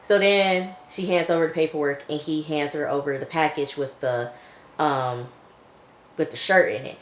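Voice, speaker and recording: A woman's voice: low-pitched, steady tone, normal speed, a little hiss or hum. A woman casually retelling a TV episode, chatty and loose, full of filler phrases. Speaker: TV episode reviewer. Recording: echoey room.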